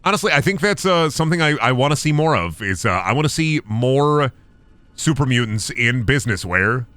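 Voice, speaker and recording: A man's voice: medium pitch, expressive, fairly quick, a bit bright, no room sound. A young man streaming a game, rambling through goofy jokes, swearing, and chatting with his audience. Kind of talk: casual game-stream commentary.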